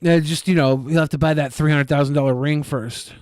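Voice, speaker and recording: A man's voice: fairly high pitch, steady tone, brisk, darkish tone, dry recording, studio quality. A man co-hosting a podcast, mocking someone with sarcastic, profane remarks in casual chat. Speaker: podcast co-host.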